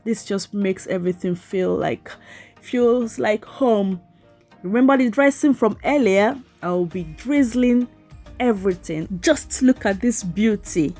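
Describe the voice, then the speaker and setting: A woman's voice: medium pitch, measured pace, mellow, faint music behind. A woman cooking vlogger chatting playfully to her viewers, teasing and giggling as she talks them through a recipe. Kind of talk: voice-over cooking demo.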